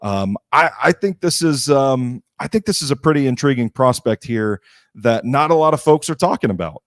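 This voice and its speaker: A man's voice: medium pitch, animated, moderate pace, dry recording. A man with an ordinary mid-range voice co-hosts a live football show. He speaks in a laid-back way, reading numbers aloud and dropping in brief reactions. His mic sounds dry, and he sometimes turns away from it. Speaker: sports podcast co-host. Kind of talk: casual live show chat.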